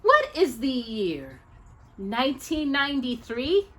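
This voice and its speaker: A woman's voice: sits high, sing-song, slow, a bit bright, voice pushed up, exaggerated voice. A woman voicing a proud, scheming older witch who leads her sisters, in a theatrical manner with old-fashioned speech. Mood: menacing. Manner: grand, theatrical, archaic speech.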